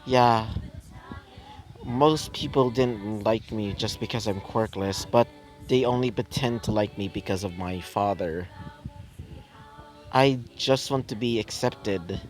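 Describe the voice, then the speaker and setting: Man voicing a timid half-demon boy, hesitant and soft, slow delivery. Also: lowish voice, faint music behind, pitched below the performer's own voice, rough recording. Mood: glum. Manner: hesitant, mumbled, soft-spoken. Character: shy quiet half-demon teen boy, lonely.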